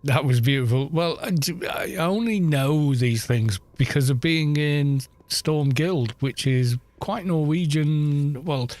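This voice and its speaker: A man's voice: fairly high pitch, takes it slowly, hardly any pauses, a little mellow, dry recording. A middle-aged British man chatting casually while streaming a game, rambling through anecdotes and swearing now and then. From Britain. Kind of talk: casual chat while gaming.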